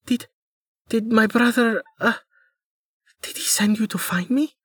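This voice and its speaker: A man's voice: measured pace, fairly bright tone, slightly rough, no echo, clean studio sound, full character voice. A man doing a pleading young woman, feigning injury. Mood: desperate pleading. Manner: breathless, faltering, high-pitched pleading.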